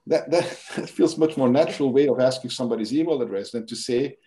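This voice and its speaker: A man's voice: mid-range voice, fairly quick, few pauses, mellow. A man being interviewed as a guest expert, explaining at length with frequent restarts and fillers. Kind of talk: interview conversation.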